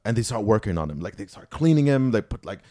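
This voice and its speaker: A man's voice: lowish voice, very animated, fast, warm tone. A young man, a podcast host, telling a long story in casual chat, packed with "like" and "you know".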